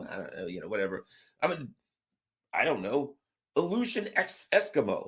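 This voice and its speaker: A man giving an animated political rant, mocking people with sarcastic put-on voices that jump far up in pitch. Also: moderate pace. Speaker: political commentator.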